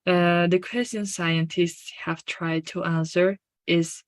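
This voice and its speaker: Hesitant woman student, slow halting speech. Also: on the low side, steady tone, dry recording. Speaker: language student.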